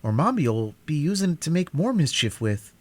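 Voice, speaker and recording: A frightened young boy, his voice pushed well up in pitch, pleads and protests with anxious urgency, as a man puts him on. He turns stubborn and rebellious in a storybook reading, and his voice swings widely. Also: sing-song, fairly quick.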